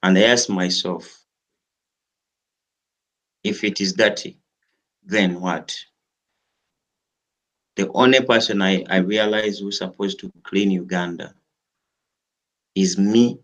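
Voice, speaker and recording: A man giving an earnest, rallying political speech to his audience. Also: sits low. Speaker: political commentator.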